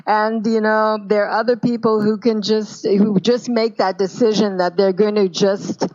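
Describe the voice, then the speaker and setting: A Canadian woman being interviewed as a pronunciation coach, talking in a measured, thoughtful way. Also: mid-range voice, little pitch movement, darkish tone, muffled recording. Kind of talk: casual interview talk.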